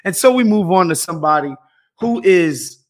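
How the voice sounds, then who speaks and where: A man's voice: high-pitched, expressive, moderate pace. A man co-hosting a casual political podcast, blunt, profane and dismissive. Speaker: podcast co-host.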